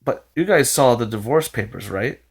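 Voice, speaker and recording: A man's voice: mid-range voice, expressive, normal speed, husky. A man hosting a reaction video, recapping and commenting in a rambling, exasperated way with frequent restarts and sighs.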